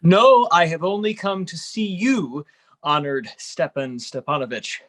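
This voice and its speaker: A man playing a nervous, formal suitor of thirty-five in a video-call play reading, stammering and clearing his throat. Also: fairly high pitch, expressive, a little slow, fairly bright tone. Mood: agitated. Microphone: computer mic on video call.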